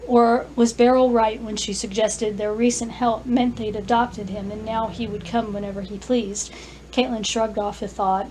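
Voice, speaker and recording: A woman author reading her own fantasy story aloud, careful and clear, with small restarts. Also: a little high, level tone, moderate pace, a little mellow, a little hiss or hum, rough recording. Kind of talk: scripted narration, story reading.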